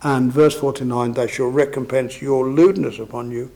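A man's voice: mid-range voice, steady tone, moderate pace, creaky, few pauses, mellow. A man preaching a sermon, expounding scripture in a conversational way and often asking his listeners tag questions.

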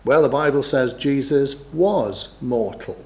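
A middle-aged man teaches from the Bible in a steady, mid-range voice. He is measured and deliberate, and he stresses key phrases emphatically as he reads the passages aloud. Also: mid-range voice. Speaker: preacher.

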